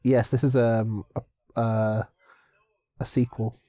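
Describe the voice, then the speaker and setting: A man's voice: mid-range voice, level tone, takes it slowly, warm tone, no room sound. A man co-hosting a comedy film commentary, joking, laughing and often restarting his sentences. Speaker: co-host.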